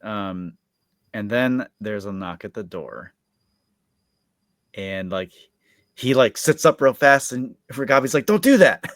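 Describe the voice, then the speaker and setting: A man with a fairly low voice walks through an episode recap in loose, rambling chat, stringing thoughts together with constant filler words. His voice sounds dry and close, with no room around it. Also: takes it slowly, long pauses, fairly bright tone, no room sound. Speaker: podcast co-host.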